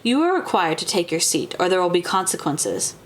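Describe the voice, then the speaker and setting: A woman's voice: on the low side, big pitch swings, brisk, a little hiss or hum. A woman voicing a cold, formal administrator who issues clipped warnings. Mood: stern. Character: cold official administrator, stern and curt.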